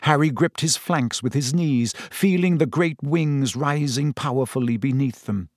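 A man narrating a story in measured, scripted storytelling. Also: mid-range voice, no room sound, clean studio sound. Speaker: audiobook narrator.

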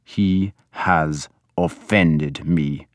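A man's voice: on the low side, no room sound. A man voicing a grim, harsh Viking lord. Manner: slow, harsh, menacing delivery. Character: stern angry Viking lord, grim and commanding.

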